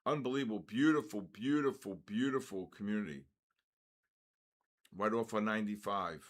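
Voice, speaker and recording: A man's voice: fairly low pitch, moderate pace. Chatty older man hosting a trading stream. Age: 60s. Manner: loose, chatty, jumps between storytelling and market calls. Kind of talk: casual live-stream chat.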